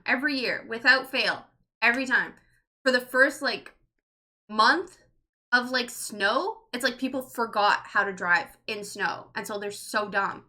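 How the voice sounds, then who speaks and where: A woman's voice: fairly high pitch, bright, forceful tone. A woman in her thirties chatting casually on a livestream, rambling with lots of "like" and swearing freely. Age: 30s. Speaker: streamer. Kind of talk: casual livestream chat, reading chat.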